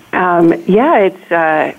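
Relaxed female guest, lower pitch, heard over a phone line. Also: extremely slow. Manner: relaxed, hesitant with fillers. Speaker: remote guest. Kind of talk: casual interview chat. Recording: tinny phone-like call line.

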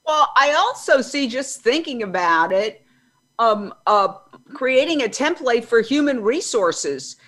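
A woman in her sixties hosting an interview, loud and chatty, telling stories as she goes. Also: fairly high pitch, sing-song, unhurried. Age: 60s. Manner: loud, chatty, self-described loudmouth. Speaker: interview host. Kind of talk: conversational interview.

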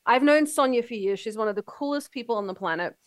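A woman hosting a radio talk show, sick and short of breath, talking warmly and effusively. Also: a little high, expressive, quick pace, dry recording, studio quality.

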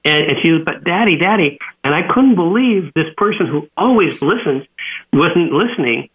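A man's voice: fairly high pitch, moderate pace. A man from California, a guest author on a radio interview, telling stories animatedly and acting out the dialogue he quotes. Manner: animated storyteller who acts out quoted dialogue. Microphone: phone line. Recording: tinny phone line.

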